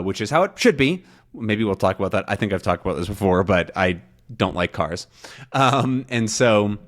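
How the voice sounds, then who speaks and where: A man teaching English learners in a relaxed, rambling monologue, thinking aloud with many fillers and restarts. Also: fairly low pitch.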